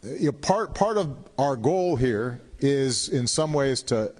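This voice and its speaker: A man in his fifties answering audience questions at a town hall in a large hall, speaking in a measured, halting way and often repeating words as he thinks. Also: medium pitch, expressive, darkish tone. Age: 50s.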